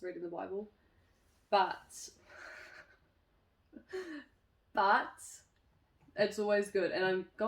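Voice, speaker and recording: Woman, host, personal reflective talk, candid, laughs often, mid-pitched, echoey room. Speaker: host of a community chat series.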